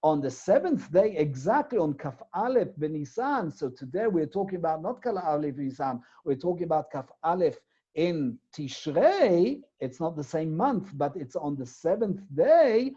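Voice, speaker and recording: A man teaches a Torah lesson in a mellow, warm voice. He builds his point step by step and keeps asking rhetorical questions. The recording is dull and lo-fi. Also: on the high side, sing-song, normal speed, slightly rough.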